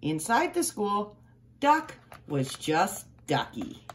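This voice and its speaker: Woman reading a storybook to kids, playful and expressive, bouncy pitch. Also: slow. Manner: expressive, playful emphasis on sound words. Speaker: children's story reader. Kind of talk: read-aloud storytelling.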